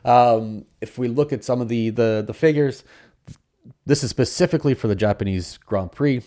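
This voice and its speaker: A man's voice: mid-range voice, normal speed, mellow. A man hosting a podcast on his own, talking casually with many fillers and restarts. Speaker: podcast host. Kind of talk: solo podcast commentary.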